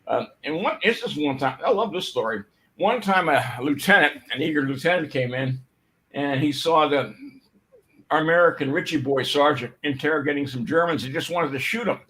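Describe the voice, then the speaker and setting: An older man speaks in a voice a little higher than most men. He tells his stories loosely, circling back with restarts and fillers. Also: normal speed, sharp tone, rough recording. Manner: storytelling, rambling with fillers and restarts. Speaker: speaker giving a history talk. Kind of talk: informal history talk.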